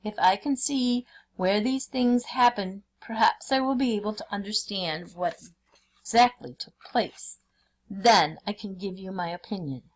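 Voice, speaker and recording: A woman's voice: mid-range voice, unhurried, close to an everyday voice. A woman doing a dithering, puzzled jackal. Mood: feigned confusion. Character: fussy confused male jackal, sly trickster.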